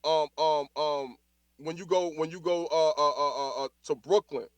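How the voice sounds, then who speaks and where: Higher-pitched Bronx New York man. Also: normal speed. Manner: animated, repeats words while finding his point. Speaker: call-in speaker. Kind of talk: casual chat in an audio chat room.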